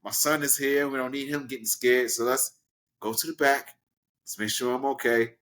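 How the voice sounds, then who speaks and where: A man from Brooklyn tells a story as an interview guest. His voice sits at an ordinary middle pitch, but he is animated and acts out the people in his story with sudden high leaps. His delivery is casual and conversational. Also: normal speed. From Brooklyn, New York. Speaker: guest, professional wrestler.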